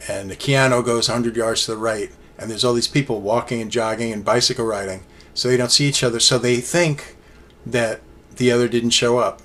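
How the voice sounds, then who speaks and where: A man's voice: medium pitch, fairly even intonation, fairly quick, few pauses, a bit bright. Brief: male fan-reviewer, chatty and meandering, speaks with plain enthusiasm. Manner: rambling, enthusiastic fan talk with many fillers. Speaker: music reviewer. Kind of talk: casual solo album review.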